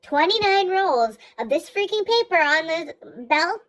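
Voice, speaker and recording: Young female vlogger, very high pitch, profane and exasperated storyteller. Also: expressive, fairly bright tone, rough recording. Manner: exasperated, profane, rapid rants. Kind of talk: comic storytelling.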